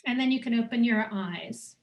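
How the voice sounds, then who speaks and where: Calm woman guiding a breathing exercise. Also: on the high side. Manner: slow, soothing instructions with pauses. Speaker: dowsing teacher. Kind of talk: guided breathing and body-awareness exercise. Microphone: video call.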